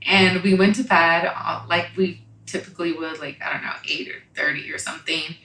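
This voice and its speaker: A young woman telling a personal story in a halting, reflective way, often pausing with "like" and "you know.". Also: on the low side, steady tone, vocal fry, bright, forceful tone. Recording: echoey room.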